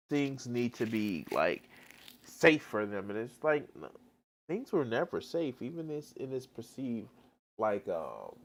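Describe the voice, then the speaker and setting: Exasperated swearing man with a lively voice. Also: fairly low pitch. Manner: exasperated, swears heavily, rambling restarts. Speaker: live streamer. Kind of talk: profane reaction commentary.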